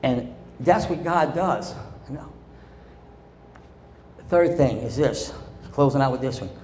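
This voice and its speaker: A man's voice: mid-range voice, animated, unhurried, darkish tone, roomy sound. A male pastor preaching in a church sanctuary, his voice ringing around the room and carrying faint ambient hum behind it. He talks in a call-and-response style, asking the congregation to answer him. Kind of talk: sermon.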